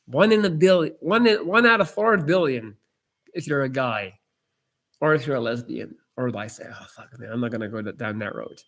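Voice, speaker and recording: Male streamer, slightly raised pitch, blunt coach-style talk answering chat. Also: brisk, fairly bright tone. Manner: blunt, swears freely, emphatic. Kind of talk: casual live-stream chat.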